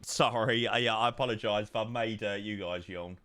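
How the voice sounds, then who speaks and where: A man's voice: on the low side, steady tone, moderate pace, fairly bright tone, dry recording. A young man streaming live, chatting casually in a rambling way with sighs and yawns, tired. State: tired, yawning. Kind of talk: casual chat.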